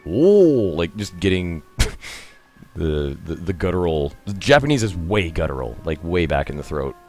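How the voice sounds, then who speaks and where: Lowish male streamer, lively swings in pitch, talkative, laughs a lot, reacts out loud to the game. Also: measured pace, soft background music. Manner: chatty, laughs often, exclaims at the game. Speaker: streamer and host. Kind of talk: casual gameplay commentary.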